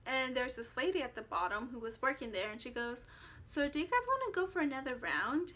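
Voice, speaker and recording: A woman's voice: high-pitched, big pitch swings, a little fast, pushed and bright. A young woman vlogger casually telling a personal story, chatty and full of fillers as she quotes herself.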